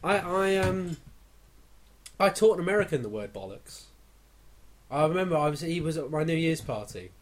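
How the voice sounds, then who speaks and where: A man's voice: on the high side, expressive, normal speed, long pauses. An English man hosting a casual podcast, rambling through a story and acting out the people in it. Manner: rambling storyteller, acts out voices. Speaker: podcast host.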